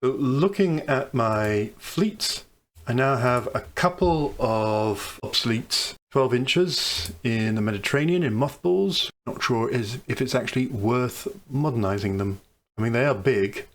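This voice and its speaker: A man with a gravelly, creaky voice at a middle pitch talks through a naval strategy game, weighing each option aloud. His commentary is casual and musing, with dry, wry asides. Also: lively intonation, a little slow. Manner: thinking aloud, musing over choices. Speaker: let's play commentator.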